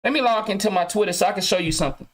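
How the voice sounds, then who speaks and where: A man's voice: high voice, rapid-fire. A man hosting his own podcast, ranting casually to viewers with loose slang, heavy cursing and frequent restarts. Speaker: podcast host.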